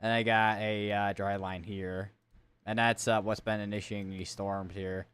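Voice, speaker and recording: A man's voice: fairly low pitch, level tone, normal speed, fairly bright tone, clean tone. A man hosting live severe weather coverage, talking casually and thinking aloud as he clicks through weather maps. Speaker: severe weather stream host.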